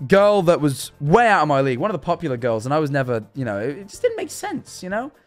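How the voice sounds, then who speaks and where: A young man talks to his stream audience and tells embarrassing stories about himself. He trips over his words and repeats himself often. His voice sits a little high, and soft music runs behind him. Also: huge pitch swings, quick pace. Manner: stammering, self-deprecating storyteller. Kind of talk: livestream reaction chat.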